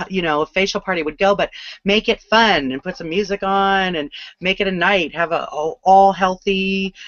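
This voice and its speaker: A man's voice: on the high side, pushed and bright, no echo, muffled recording. Chatty man giving sales tips. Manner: chatty, fillers like "you know" and "right?". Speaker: host of an online sales hangout. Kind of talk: casual sales coaching. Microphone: video call.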